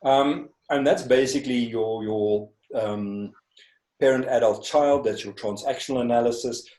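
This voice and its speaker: A man with a mid-range, slightly mellow voice speaks a little slowly while teaching an online class on communication skills. He often uses rhetorical questions to check in, and the video call picks up an echoey room.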